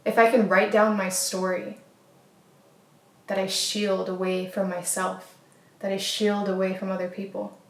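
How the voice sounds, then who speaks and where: Flat-voiced woman in an echoey room. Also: mid-range voice, unhurried, long pauses. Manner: earnest, repetitive, filler-heavy. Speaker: wellness host. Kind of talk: casual motivational talk.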